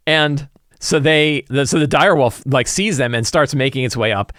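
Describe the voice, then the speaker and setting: A man's voice: medium pitch, normal speed, no echo, clean studio sound. Chatty man recapping a game session. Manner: animated storyteller, loose and chatty, many fillers like "like". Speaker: game master and tabletop RPG content creator. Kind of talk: casual recap and campaign-prep chat.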